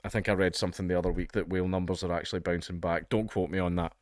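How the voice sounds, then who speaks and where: A man's voice: low voice, fairly even intonation, rapid-fire, dry recording. A Scottish man hosting comedic news commentary, blunt, profane and exasperated. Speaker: online commentary host.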